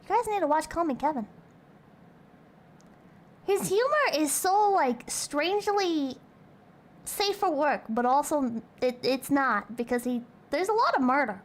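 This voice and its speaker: A woman's voice: sits high, big pitch swings, unhurried, pauses often. A young woman streamer in casual chat, reading out donations, playful and crude and rambling.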